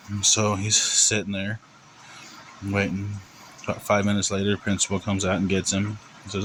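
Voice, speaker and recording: A man's voice: on the low side, flat delivery, normal speed, fairly bright tone, slight background noise, low-quality recording. A man telling a long joke in a casual, rambling, conversational way. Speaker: joke teller.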